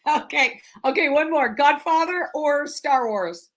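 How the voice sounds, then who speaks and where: A woman realtor hosting a casual live stream interview over a video call, chatty and quick to laugh as she fires off questions. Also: high-pitched. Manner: chatty, laughs easily, rapid-fire questions.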